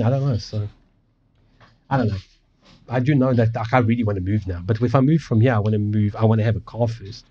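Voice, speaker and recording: A man rants casually on his livestream, rambling, restarting and cursing freely. His voice is husky and mellow, with a pitch that swings a lot. The audio is dull and lo-fi, as if streamed from home. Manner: rambling, swearing, many restarts. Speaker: livestream host. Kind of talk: casual ranting chat. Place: home apartment.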